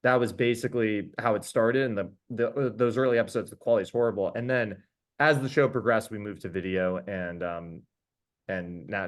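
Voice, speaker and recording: A man, a podcast host, telling stories in casual chat as a guest, animated and enthusiastic with quick restarts. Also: fairly low pitch. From New York. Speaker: podcast host being interviewed. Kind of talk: casual storytelling.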